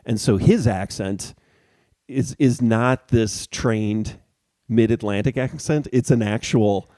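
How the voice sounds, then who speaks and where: Low, mellow-voiced man chatting loosely. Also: slow pace, no room sound. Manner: rambling, searching for words, many restarts. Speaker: podcast co-host. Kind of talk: casual chat.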